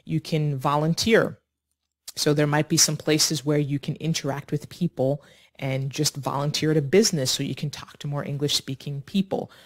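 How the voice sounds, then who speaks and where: A woman teaching an online English lesson, speaking slowly and clearly in an encouraging way. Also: sits low, steady tone. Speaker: ESL teacher.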